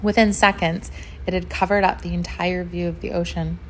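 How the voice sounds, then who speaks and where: Gentle woman reading a children's story. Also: on the low side, normal speed, a little hiss or hum. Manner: gentle, expressive, chatty asides.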